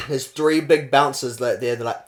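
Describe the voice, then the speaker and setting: A young New Zealander co-hosting a podcast tells a story in his New Zealand accent, growing animated and laughing as it unfolds. His voice is medium-pitched and his pace measured.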